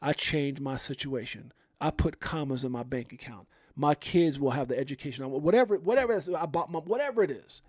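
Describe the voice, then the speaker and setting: A man's voice: fairly high pitch, a little fast, hardly any pauses, darkish tone, dry recording. Emotional rambling man on a dry mic. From California. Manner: rambling, emotional, repeats himself. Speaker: crypto livestream host. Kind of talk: heartfelt livestream talk to viewers.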